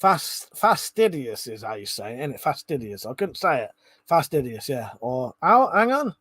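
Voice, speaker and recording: A man's voice: medium pitch, big pitch swings, normal speed, a bit bright, slightly rough, no echo. A drunk man hosting a live stream, rambling casually, swearing a lot and laughing often. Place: indoors at home.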